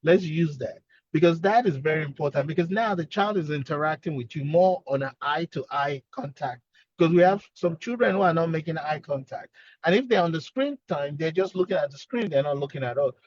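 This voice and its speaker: Male speech therapist, earnest explainer, higher voice, dull dry sound. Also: expressive, brisk, a little mellow, no room sound. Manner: earnest, explanatory, repeats key points. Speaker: speech-language pathologist guest. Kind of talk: expert explaining on a webinar.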